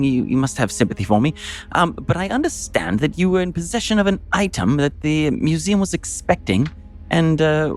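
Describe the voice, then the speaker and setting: A man playing a posh, obsequious archaeologist who stammers and flatters. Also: a little high. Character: fussy, toadying archaeologist, man.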